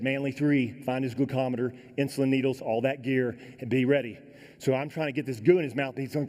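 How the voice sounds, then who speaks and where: Animated storytelling man in a big hall. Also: mid-range voice. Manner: animated, folksy storytelling, acting out voices. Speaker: keynote speaker. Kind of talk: dramatic storytelling speech. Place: large conference hall. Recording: echoey hall sound.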